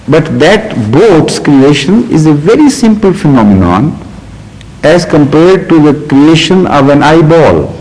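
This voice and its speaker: A man answering audience questions in a deliberate way, often pausing on "uh" and restarting his sentences. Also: on the high side, lively intonation, a little mellow. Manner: deliberate, with frequent "uh" pauses and restarts. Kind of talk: question-and-answer talk with storytelling. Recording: reverberant hall recording.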